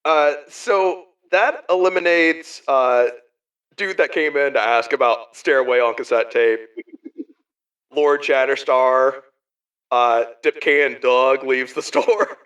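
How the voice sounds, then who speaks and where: A man's voice: medium pitch, fairly even intonation, slow, a bit bright, far from the mic, rough recording. A man narrating as game master of a tabletop game, rambling with many fillers.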